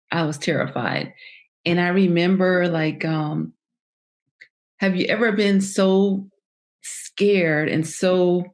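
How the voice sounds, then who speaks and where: A woman as a podcast guest, telling a personal story in a halting way, full of fillers and restarts. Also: lowish voice.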